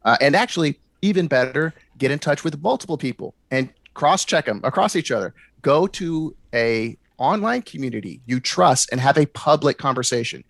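A man's voice: fairly high pitch, lively intonation, normal speed, creaky, few pauses, a bit bright, no room sound, studio quality. A man speaking as a panelist in a casual online discussion, a bit hesitant and stumbling, often laughing.

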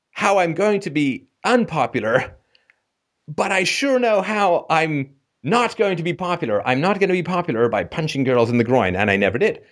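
An English man hosts a call-in show, telling stories in a lively, swooping voice of middle pitch. He laughs often and jumps up into a high voice for emphasis. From England. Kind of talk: anecdotal storytelling.

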